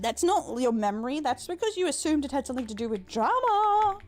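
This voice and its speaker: A woman's voice: sits high, very animated, fairly quick, faint music behind. A young Australian woman with an Australian accent, live-streaming a game and chatting with her viewers, swearing and teasing them. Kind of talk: live-streamed gameplay chat.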